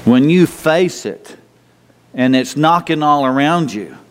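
A man with a slightly high, clean, expressive voice preaches slowly in a church sanctuary. Conversational with the congregation, he repeats words and asks rhetorical questions, and the room gives a long hall reverb.

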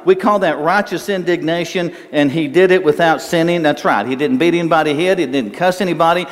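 A man's voice: fairly high pitch, a little fast, hardly any pauses. An older man preaching a sermon in a conversational, folksy way, repeating words as he goes. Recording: long hall reverb.

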